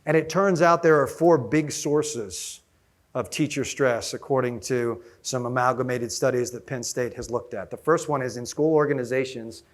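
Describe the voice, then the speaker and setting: A man giving an energetic conference keynote, often asking the audience questions. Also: medium pitch, normal speed. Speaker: conference speaker.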